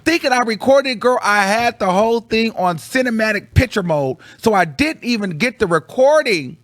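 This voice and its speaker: A man with a higher-than-usual voice recounts a story to his viewers in casual, slangy chat. His delivery is animated, dropping to low mutters and then jumping to high, excited bursts. The sound is close and dry, with no room echo. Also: normal speed. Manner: slangy, calls the audience girl. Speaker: vlogger reviewing a concert.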